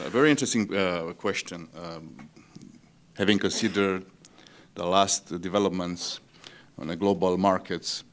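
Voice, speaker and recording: Deep-voiced diplomat, measured. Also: male voice, slight background noise. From Romania. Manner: measured and formal, policy-minded. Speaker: diplomat on a trade panel. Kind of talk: conference panel answer.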